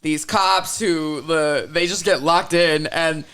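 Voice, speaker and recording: A man's voice: on the high side, steady tone, slow pace, a bit bright, clear, resonant tone. A man co-hosting a film podcast, rambling casually with lots of fillers. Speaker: podcast co-host. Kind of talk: casual chat.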